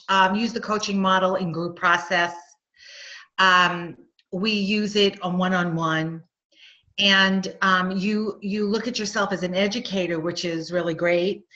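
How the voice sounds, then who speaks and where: A woman's voice: medium pitch, pushed and bright. A middle-aged woman with a Long Island accent, answering a question as host of a webinar on nurse coaching, chatty and encouraging. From Long Island, New York. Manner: chatty, encouraging, with frequent fillers and laughs. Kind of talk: casual webinar Q&A. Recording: lo-fi webinar audio.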